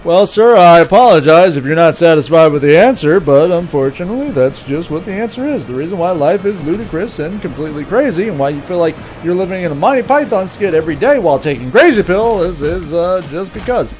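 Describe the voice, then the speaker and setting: A man's voice: sits high, lively intonation, fairly quick, hardly any pauses, a little mellow, slight background noise. A man voicing an overly cheerful male customer support agent who answers in a polite, scripted way. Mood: calm, patient. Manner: polite, chipper, scripted-sounding.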